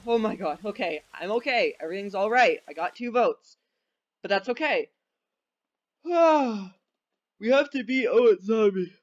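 A man giving excitable live commentary while playing an online game, with a desk microphone. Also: sits high, highs cut off. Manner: excitable, quick reactions and exclamations. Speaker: gamer. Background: faint game music.

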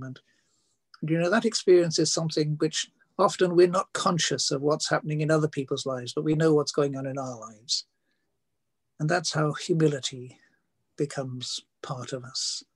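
A man's voice: on the high side, husky, dry recording. An older man preaching a sermon, telling homely stories with frequent fillers and restarts. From Wales.

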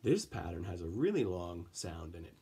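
A man's voice: deep voice, sing-song, moderate pace, warm tone, husky. A man teaching an elementary music class, counting in and chanting rhythm syllables for the children to clap along.

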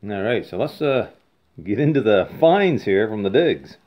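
A man's voice: fairly low pitch, big pitch swings, measured pace. A man vlogging about old bottles in a folksy, rambling way, chuckling and telling jokes. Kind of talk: casual chat with jokes. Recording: slightly dull lo-fi sound.

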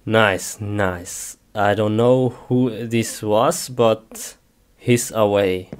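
A man's voice: fairly low pitch, extremely slow, smooth. A man in a comedic skit casually narrating his actions as a game player, with frequent giggles.

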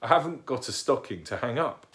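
A man's voice: mid-range voice, expressive, fairly quick, a bit bright, voice pushed up, natural voice. A man reading aloud and voicing a timid, curious baby barn owl who asks wondering questions.

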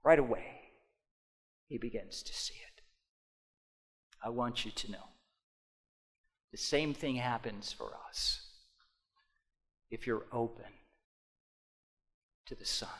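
A man preaching a sermon as pastor, speaking directly to the congregation and swinging from quiet asides to loud emphatic passages. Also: mid-range voice, slow pace, long pauses. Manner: addresses congregation directly with repeated "okay?".

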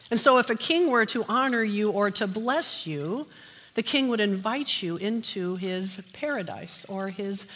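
A woman's voice: medium pitch, a bit bright. A woman pastor preaching a sermon, opening with jokes and then teaching steadily. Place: church sanctuary. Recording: long church hall reverb.

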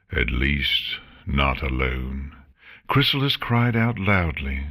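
A man narrating a fan audiobook with expressive, dramatic storytelling. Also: low-pitched.

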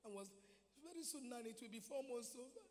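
A Nigerian woman giving an animated testimony sermon at a convention, telling her story and mixing in Igbo phrases. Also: a little high, a little fast. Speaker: convention speaker. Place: large convention hall. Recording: reverberant convention hall.

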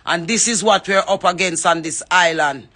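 A woman's voice: lowish voice, moderate pace, pushed and bright. Fervent Jamaican woman rallying people. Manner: fervent and emphatic, rallying and calling out others by name. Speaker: reggae artist. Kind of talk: impassioned public address.

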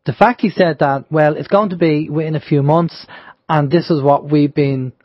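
A man chatting on an internet radio show, thinking aloud and circling back as he talks. His voice sits a little high and has a slightly husky edge. The recording is dry and dull, with a lo-fi feel. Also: normal speed, no echo. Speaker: radio host. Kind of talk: casual radio talk. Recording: dull, lo-fi sound.

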